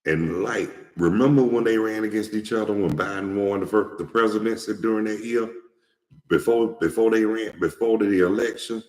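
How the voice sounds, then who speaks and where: A man's voice: fairly low pitch, moderate pace, a little mellow. A man hosting his own show, giving casual, outspoken commentary straight to his viewers and rambling with plenty of restarts and repeats. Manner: slangy and outspoken. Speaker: show host. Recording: echoey room with long reverb.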